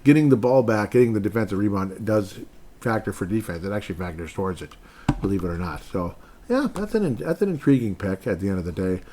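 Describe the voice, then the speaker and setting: A man with a slightly low voice hosts a casual sports podcast on his own. He rambles, laughs often and bursts into mock outrage. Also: animated, fast talker, background noise. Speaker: podcast host.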